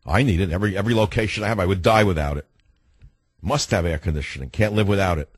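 A man's voice: low voice, fast, breathy edge, no echo. A man hosting a talk radio show, sarcastic and wisecracking, from New York. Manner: sardonic, wisecracking.

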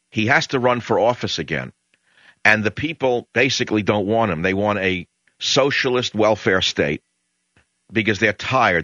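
A man's voice: fairly low pitch, bright, forceful tone, no echo. An older man with a New York accent, hosting a talk radio show in a rambling, emphatic monologue full of hesitations. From Queens, New York. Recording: dull lo-fi broadcast audio.

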